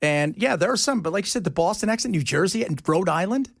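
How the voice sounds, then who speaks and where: A male radio talk show host with a fairly high voice that swings widely in pitch. He jokes and teases in loose on-air banter and slips into other people's voices when he quotes them. The sound is close and dry, like a studio mic. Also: fast, vocal fry, no echo. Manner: joking, teasing, animated.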